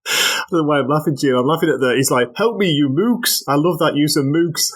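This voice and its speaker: A man's voice: a little high, fast talker, fairly bright tone. A man co-hosting a casual comic book review show. He talks in an easygoing way, asks his co-host questions and chuckles along.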